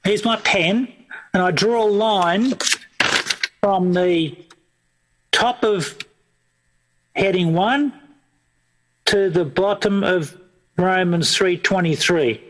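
A man's voice: high voice, takes it slowly, long pauses, rough recording. A man running an evangelism training workshop, explaining a method in plain, repetitive steps and often restarting his sentences. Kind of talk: instructional workshop talk.

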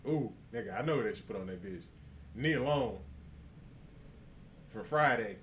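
A man's voice: fairly low pitch, animated, unhurried, a little hiss or hum. A man co-hosting a podcast in casual chat, trading profane jokes and breaking into laughter. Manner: profane, joking banter with bursts of laughter. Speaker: podcast co-host.

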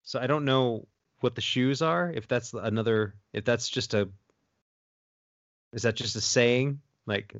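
A man's voice: mid-range voice, measured pace, no room sound, dull audio. A man co-hosting a casual chat and telling stories, rambling with many fillers and restarts. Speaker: podcast co-host.

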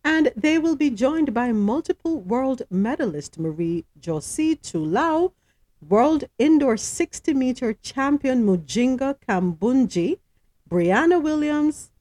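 A woman's voice: high voice, animated, slow pace, dark tone, no room sound. Woman host reading the news casually, voice bouncing up and down a lot, dry close sound. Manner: chatty, asks co-hosts questions, stumbles over names.

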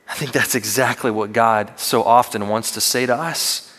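Preaching as a student minister, this young man keeps his intonation fairly even in a mid-range, fairly bright voice at a moderate pace. He comes across as earnest and conversational, with self-deprecating humor. Recorded in a church sanctuary, the sound has the long reverb of a big hall.

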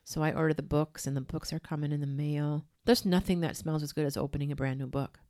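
A woman's voice: low-pitched, fairly even intonation, fast talker, dark tone. A woman in her thirties co-hosting a podcast in casual, enthusiastic, teasing chat. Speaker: podcast co-host.

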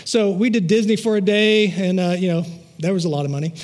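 With a high, slightly fast, somewhat mellow voice, this pastor tells personal stories from the pulpit in a chatty manner. He throws asides to the congregation and keeps coming back to repeated rhetorical phrases.

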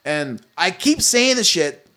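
A young man spins a long, foul-mouthed story among friends. His voice sits a little high, and he talks in a loose, animated way, stumbling over restarts and stacking up "like"s. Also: slow. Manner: animated, profane, many likes and restarts. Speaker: guest telling a story.

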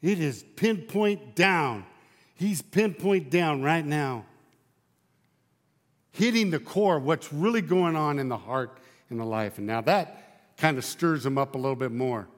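A man's voice: fairly high pitch, expressive, unhurried, long reverb tail. A male pastor preaching a sermon, emphatic, driving his points home with repeated rhetorical questions.

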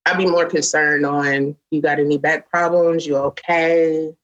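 A woman's voice: low-pitched, fairly even intonation, a little slow, highs cut off. A young woman hosts a casual podcast chat, playful and teasing. She laughs often and keeps things loose and joking with her co-host.

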